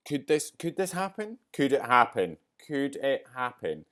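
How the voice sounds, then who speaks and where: Emotional low-voiced man reviewing a race. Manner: excitable, rambling, gets emotional. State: teary, choked up. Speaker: podcast host. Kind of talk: casual race review chat.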